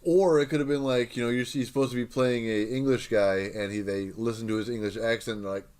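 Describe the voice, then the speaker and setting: Easygoing young man, quick agreeable chatter. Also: mid-range voice, steady tone, darkish tone, smooth. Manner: agreeable, chimes in with quick yeahs. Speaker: podcast co-host. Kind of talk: casual movie chat.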